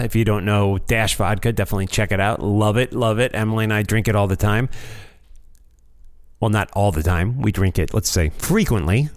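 An American man hosting a podcast, chatting in a rambling, self-deprecating way while reading out supporters' names. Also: lowish voice. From United States. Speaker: podcast host. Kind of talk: casual chat.

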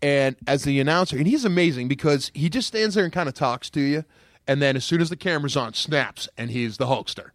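A man guesting on a podcast, telling animated stories in casual chat and jumping into loud put-on voices. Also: a little high, brisk, no room sound, studio quality.

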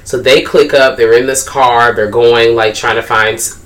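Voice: mid-range voice, steady tone, normal speed, fairly bright tone. A podcast co-host, laid back and blunt, swearing while recapping a show's plot. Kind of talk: casual recap chat.

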